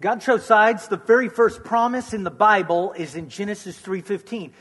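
High-voiced man preaching reassuringly. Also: normal speed, breathy edge, long reverb tail. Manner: warm, reassuring, repeats key phrases. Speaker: pastor answering questions. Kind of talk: conversational preaching.

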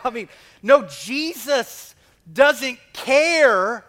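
A man's voice: extremely high pitch, expressive, extremely slow, long pauses, fairly bright tone. A male pastor preaching a conversational sermon, asking the congregation questions and acting out quotes.

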